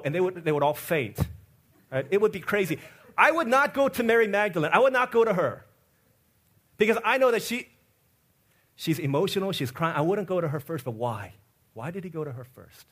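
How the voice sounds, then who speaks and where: A man preaching an Easter sermon as pastor, telling stories and acting out the people in them, swinging between loud excited asides and quiet, low passages. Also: fairly quick, pauses often. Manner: acts out the people in his stories with lively quoted voices.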